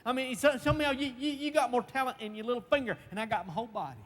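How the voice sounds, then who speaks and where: High-voiced stammering preacher. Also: male voice, rapid-fire. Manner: stammering, repeats words, folksy plain grammar; emphatic, swinging between shouts and hushed tones. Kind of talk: sermon. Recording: long reverb, faint background noise.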